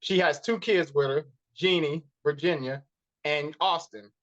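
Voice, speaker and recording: A man's voice: on the high side, measured pace, a bit bright. Easygoing guy cohosting a movie podcast, jokey and laughing, kinda muffled lo-fi audio. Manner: playful, laughs often. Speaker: podcast co-host. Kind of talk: casual chat.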